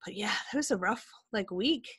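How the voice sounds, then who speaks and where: A woman's voice: mid-range voice, animated, moderate pace, fairly bright tone, slightly rough, dry recording. A woman co-hosting a podcast, talking in a candid, rambling way with many fillers. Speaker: podcast co-host. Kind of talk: casual chat.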